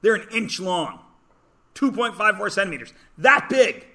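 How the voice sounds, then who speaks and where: Math teacher guy, kinda high bright voice, jokey, keeps poking the class to guess stuff. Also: big pitch swings, normal speed. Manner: joking, self-deprecating, prodding students to guess. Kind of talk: classroom lecture.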